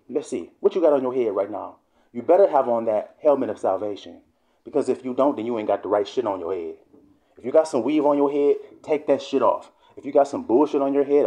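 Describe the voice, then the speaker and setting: A man preaching a fiery, profane sermon, swearing often and sometimes shouting. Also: on the low side.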